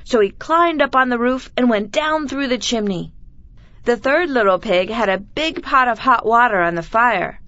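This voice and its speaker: A woman reading a children's story aloud clearly and deliberately for learners. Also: a little high, expressive, fairly bright tone, dry recording, highs cut off. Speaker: reader of children's stories.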